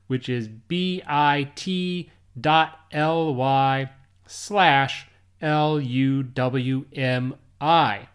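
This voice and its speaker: An English teacher with an American accent talks through a podcast lesson for learners. The delivery is slow and unhurried, each point laid out step by step, with frequent small check-ins aimed at the listener. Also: medium pitch. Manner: slow, deliberate explaining, often checks in with "right?".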